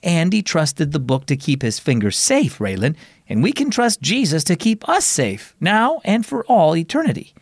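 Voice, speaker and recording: A man voicing a calm, patient mother. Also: a little high, normal speed, gravelly, no room sound, clean studio sound, full character voice. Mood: reassuring. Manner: calm, explaining.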